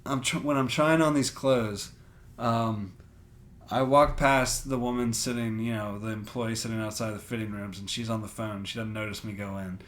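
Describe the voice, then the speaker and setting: A man's voice: fairly low pitch, steady tone, moderate pace, a bit bright. A young man co-hosting a podcast, telling rambling, laugh-filled stories and swearing freely. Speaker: podcast co-host. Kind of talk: casual storytelling chat.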